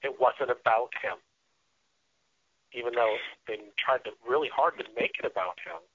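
A man talking earnestly as a radio guest, often restarting and filling pauses as he explains his ideas. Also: medium pitch, fairly even intonation. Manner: earnest, with frequent restarts and fillers. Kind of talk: casual interview talk. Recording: dull lo-fi radio sound.

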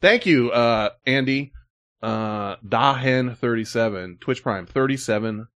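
A man, a live streamer telling a story to his chat in a casual, profane, animated way, full of "like" and "you know". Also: medium pitch, measured pace.

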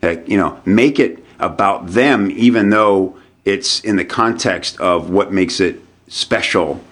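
A man on a podcast as a guest copywriter, telling a story in an animated way, often restarting and repeating words. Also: low-pitched, takes it slowly. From United States. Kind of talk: conversational storytelling.

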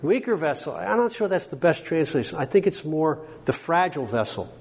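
Middle-aged male workshop teacher, lively and jokey, quizzes the room, slightly raised voice, long hall echo. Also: fairly high pitch, brisk, breathy edge. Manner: animated and joking, quizzing the audience. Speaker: workshop speaker on biblical counseling. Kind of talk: teaching a workshop to a live audience. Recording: long hall reverb, faint background noise.

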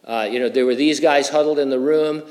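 A man's voice: mid-range voice, fairly even intonation, brisk, darkish tone. A middle-aged man preaching a verse-by-verse sermon, conversational in tone with humorous personal asides. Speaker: pastor. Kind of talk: expository sermon.

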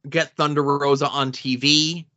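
Male co-host, dry wit, bright tense voice, slightly high, muffled audio. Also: little pitch movement, a little slow. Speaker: podcast co-host. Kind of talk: casual chat. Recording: dull lo-fi sound.

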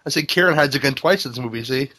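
A man's voice: medium pitch, racing, no room sound. A man, a guest on a film podcast, chatting casually and making blunt jokes. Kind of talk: casual chat about films. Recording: loud background noise.

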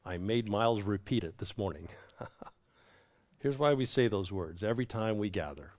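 A man preaching a reflective sermon, with a repeating cadence and a quiet hush on key words. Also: lowish voice, lively intonation, normal speed. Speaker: pastor.

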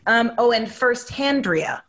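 A woman's voice: on the high side, slow, a bit bright. A woman co-hosting a podcast in casual chat, blunt and slangy, swearing casually. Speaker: podcast co-host.

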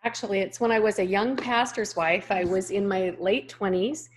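A woman's voice: mid-range voice, fairly even intonation, moderate pace, a little hiss or hum. Woman, fifties, interview guest, personal testimony, earnest storyteller. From California. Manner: earnest storytelling, acts out voices in quotes. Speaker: guest author and speaker.

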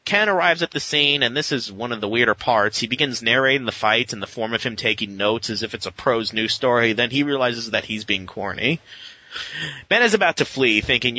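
A man co-hosting a podcast, recapping and reviewing comic book issues in a casual, rambling way and jumping into quick voices for the characters. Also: medium pitch, lively intonation, bright, forceful tone, lo-fi sound. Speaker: podcast co-host.

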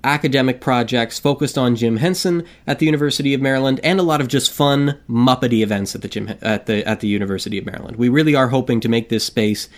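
A man's voice: medium pitch, fast talker, hardly any pauses. A man co-hosting a casual podcast, joking and self-deprecating, with a rambling delivery full of fillers. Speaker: podcast co-host.

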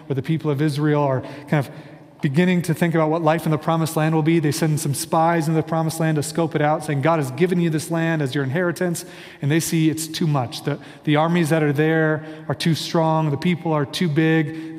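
A man's voice: on the high side, darkish tone, big-room sound. A man preaching a sermon in an earnest, conversational way, often hedging with fillers. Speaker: pastor.

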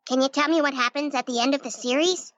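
A woman's voice: high-pitched, fast, fairly bright tone, dry recording. Lisa Simpson, an eager cartoon schoolgirl. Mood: gushing. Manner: eager, gushing. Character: bright eager young schoolgirl fan. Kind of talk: cartoon voice acting. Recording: dull cartoon clip, faint music.

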